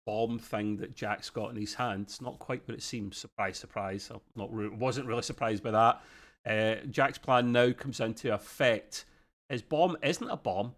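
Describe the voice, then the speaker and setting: Podcast co-host, middle-aged male, chatty and casual, mid-pitched voice, says "bloody" and "mate". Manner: chatty, uses British slang like "bloody" and "mate". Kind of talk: casual review chat.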